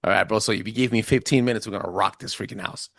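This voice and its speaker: A man's voice: fairly low pitch, very fast, creaky, fairly bright tone, no echo. A man with a thick accent, casually presenting ideas on a podcast, emphatic, stumbling and restarting as he goes. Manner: says he has a thick accent. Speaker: podcast host giving a presentation.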